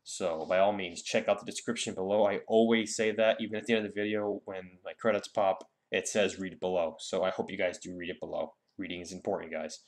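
Rambling young man with a low voice. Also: fairly even intonation. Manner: rambling, halting, with many fillers. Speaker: gaming YouTuber. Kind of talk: casual game guide commentary.

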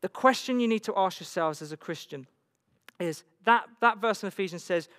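A man's voice: high voice, moderate pace, a bit bright. A man preaching a sermon as pastor, emphatic and repetitive, full of rhetorical questions. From England. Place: church hall. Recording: long hall reverb.

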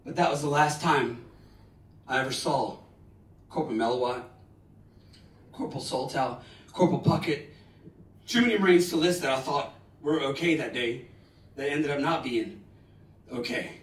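A man in his forties giving a live motivational talk, telling stories dramatically with bursts of loud emphasis. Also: a little high, moderate pace, pauses often. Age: 40s. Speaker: motivational speaker. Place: large lecture hall. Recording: roomy hall, distant mic.

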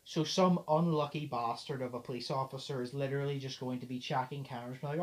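The podcast host here is a young man with a medium pitch who talks fast and barely pauses. His storytelling is animated and casual, full of acted-out dialogue, swearing, and laughter.

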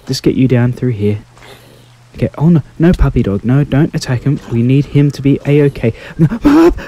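Mellow soft-spoken man, gentle game commentary. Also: medium pitch, a little hiss or hum. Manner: gentle, quaint exclamations, easily flustered. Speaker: gaming YouTuber.

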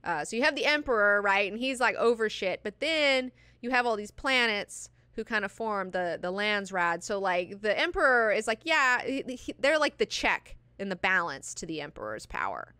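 A woman's voice: medium pitch, sing-song, normal speed, hardly any pauses, pushed and bright, clean tone, no room sound. A young adult woman hosting a book club, talking through the plot in a chatty, profane, enthusiastic way full of likes and fillers. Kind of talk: casual book discussion lesson.

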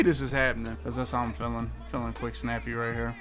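A man's voice: mid-range voice, little pitch movement, quick pace, few pauses, fairly bright tone, soft background music. A young man giving live, trash-talking commentary on his football video game, full of slang and sudden outbursts. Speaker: gaming streamer.

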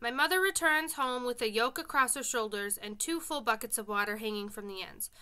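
A woman's voice: fairly high pitch, a little fast, bright, forceful tone, clean tone. A woman reading a children's novel aloud as an audiobook, with friendly, casual asides to her listeners. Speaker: reader.

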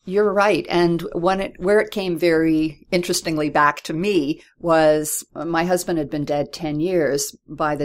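A woman author speaking as a podcast guest, reflective and thoughtful, growing animated when she retells conversations. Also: low-pitched. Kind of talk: conversational interview.

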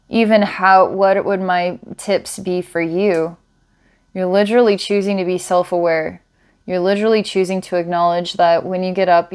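A woman's voice: fairly low pitch, a little mellow, clean tone. Enthusiastic woman giving a casual psychic reading. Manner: enthusiastic, laughs often, thinks aloud. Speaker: psychic reader.

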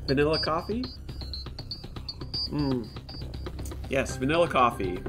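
A man hosting a live-streamed playthrough, talking in an unhurried, drawn-out way while his voice swings widely up and down. He chats with viewers about snacks and drinks and reacts aloud to the game, laughing easily. Faint music plays underneath. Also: mid-range voice, lively intonation. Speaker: let's play host. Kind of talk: live-streamed gameplay commentary.

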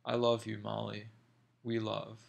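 A man's voice: fairly low pitch, monotone, a little slow, gravelly, highs cut off. A man reading a young lover's lines in an insistent, pleading way. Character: young man, ardent then enraged.

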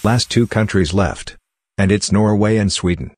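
A man hosting a results show, announcing in a measured, formal scripted way. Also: on the low side, a little mellow, no echo. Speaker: show host.

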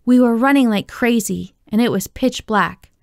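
Gravelly woman reading a story. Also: on the high side, normal speed, no room sound, studio quality. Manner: steady, expressive storytelling. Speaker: audiobook reader. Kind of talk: reading a children's novel aloud.

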